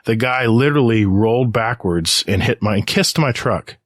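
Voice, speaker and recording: Middle-aged man telling a lively road story. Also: medium pitch, normal speed, no echo, studio quality. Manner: animated anecdote with quoted voices. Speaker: podcast co-host. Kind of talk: casual storytelling. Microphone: podcast microphone.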